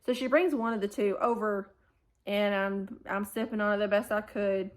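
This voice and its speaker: A woman's voice: mid-range voice, normal speed. A woman, telling a family vlog storytime and acting out the people in it. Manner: animated retelling, acting out quoted dialogue. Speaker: family vlogger. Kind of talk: storytime recounting a hospital stay.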